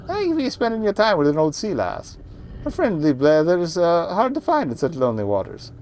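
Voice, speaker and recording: A man voicing a gentle old female eel sea spirit in a put-on Scottish lilt, sing-song and motherly. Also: fairly high pitch, wildly swooping pitch, slow, slight background noise, exaggerated voice. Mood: lilting kindly. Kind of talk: reading game dialogue aloud.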